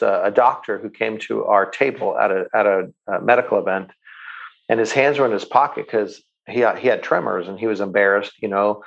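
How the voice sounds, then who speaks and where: Enthusiastic male guest, gravelly voice, muffled lo-fi sound. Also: on the low side. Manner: enthusiastic, repeats words when starting sentences. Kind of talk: interview answers, storytelling.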